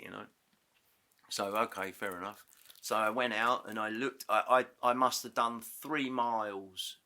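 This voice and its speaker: Male interview guest, fairly low voice, bright tone, animated storyteller who acts out conversations. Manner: animated, re-enacts dialogue with self-corrections. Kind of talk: casual storytelling. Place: podcast studio.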